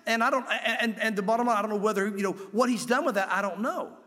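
A middle-aged man preaching a sermon as pastor, conversational and emphatic, with sudden loud peaks. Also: high-pitched, fast talker, hardly any pauses. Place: church sanctuary. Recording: long reverb of a large hall.

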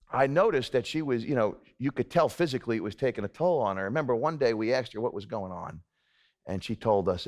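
A man preaching a sermon to a congregation, talking in a casual, conversational way and checking in with "okay?" asides. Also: medium pitch. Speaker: pastor.

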